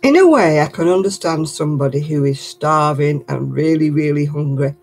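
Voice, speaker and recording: Chatty older woman, husky laugh. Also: low-pitched, normal speed, a little mellow. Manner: chatty, laughs often, motherly. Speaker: crafting livestream host. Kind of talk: casual chat reading viewer comments.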